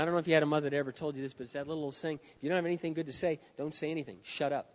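A male pastor delivering a sermon to a live audience in a large hall. He drops to hushed lines, then builds to shouts. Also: on the high side. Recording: dull, reverberant hall sound.

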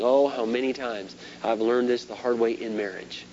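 A middle-aged pastor preaches with lively swings, punching some words loud and dropping others to near a murmur. The recording is a dull, lo-fi sermon tape with a faint hum underneath. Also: male voice, medium pitch, normal speed, hardly any pauses. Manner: animated preaching, shifts between loud emphasis and quiet asides.

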